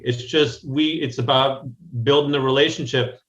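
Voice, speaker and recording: A man's voice: medium pitch, fairly even intonation, a little slow, fairly bright tone, roomy sound, highs cut off. An American man speaking as a guest in a conversational interview, talking directly and often restarting his sentences. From United States. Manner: rambling, frequent restarts, direct. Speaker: guest business strategist. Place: Chicago, remote call.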